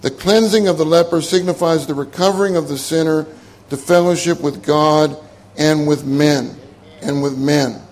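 A man's voice: a little high, normal speed, a little mellow. An older man preaching a sermon in a conversational way, repeating his key phrases and laughing at his own jokes.

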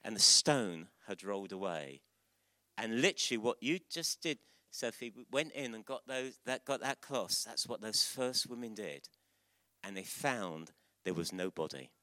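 A man preaching an Easter sermon to a church, questioning children and calling out loud exclamations. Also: on the low side, moderate pace, no room sound. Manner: lively, interactive, bursts into loud exclamations.

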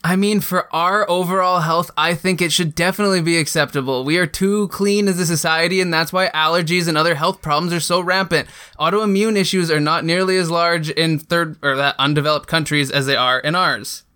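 A man's voice: on the high side, fairly even intonation, brisk, hardly any pauses, bright, forceful tone, clear, resonant tone. A man chatting as a podcast guest, rambling and hesitant, with many fillers. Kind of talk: casual interview chat.

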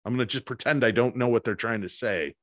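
A middle-aged man, a guest in a casual interview, telling an anecdote with animated delivery and acted-out voices. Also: mid-range voice, fast, no echo, studio quality. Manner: animated anecdote-teller, acts out voices and lines. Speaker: guest, paranormal investigator.

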